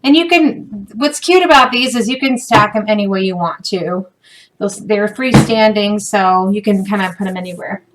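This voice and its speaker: A loud furnace hums behind this noisy home recording of a middle-aged woman casually chatting through a craft demo. Her medium-pitched voice keeps a moderate pace while she works with her hands and jokes at her own expense.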